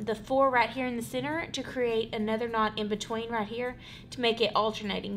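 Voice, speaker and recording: A woman's voice: fairly high pitch, a bit bright, a little hiss or hum. A woman giving a casual, rambling craft tutorial at home, saying "y'all" and "literally" a lot. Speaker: craft vlogger. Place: home, working on a wall hanging.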